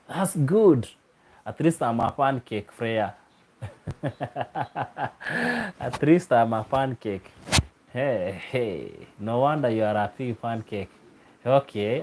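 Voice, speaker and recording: A man hosts a live stream in a relaxed, drawn-out way. He laughs often and teases viewers, repeating their names as he reads their comments aloud. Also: mid-range voice, a little hiss or hum. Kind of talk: casual live stream chat reading comments.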